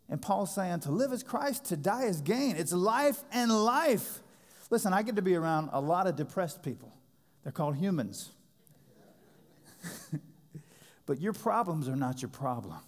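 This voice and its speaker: Impassioned pastor in a reverberant church. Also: male voice, on the high side. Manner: impassioned, swings from loud emphasis to quiet intensity. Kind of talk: sermon. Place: church sanctuary. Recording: long hall reverb.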